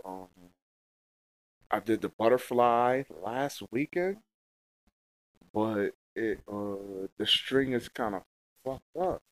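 A man's voice: dry recording, rough recording. Slangy, rambling podcast man, dry sound. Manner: rambling with heavy slang and profanity, many fillers; gets loud and high-pitched when telling a heated story. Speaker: podcast host. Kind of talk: casual solo podcast monologue.

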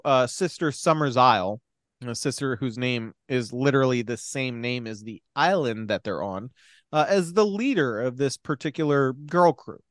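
A man's voice: mid-range voice, a bit bright, no room sound, clean studio sound. A young man in casual chat, animatedly retelling a film's plot, acting out the characters' lines, swearing and laughing. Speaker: podcast co-host recapping a film.

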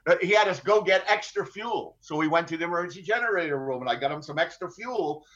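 A man's voice: on the high side, lively intonation, fast, fairly bright tone. Matter-of-fact middle-aged man, dull sound. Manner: matter-of-fact, dry humor, many fillers and restarts. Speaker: ship captain recounting a hostage ordeal. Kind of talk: conversational storytelling interview.

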